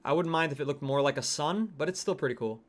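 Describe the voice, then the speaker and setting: A livestream host with a fairly high-pitched voice talks fast while streaming a game. He chats casually, reacts to game skins, and reads out viewer comments.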